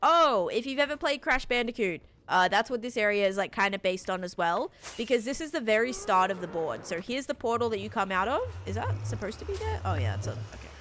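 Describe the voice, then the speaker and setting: A woman's voice: mid-range voice, big pitch swings, a little fast, few pauses, a bit bright, slight background noise. A young Australian woman chatting casually on a game stream, reading out chat and thanking supporters.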